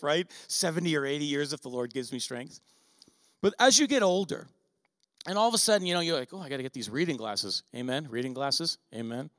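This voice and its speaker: A middle-aged man with a fairly high voice delivers a conversational church sermon. He leans on rhetorical questions and asks the listeners for an "amen" often. His voice rings with a long reverb that trails off in a large sanctuary. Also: fairly bright tone. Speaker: pastor.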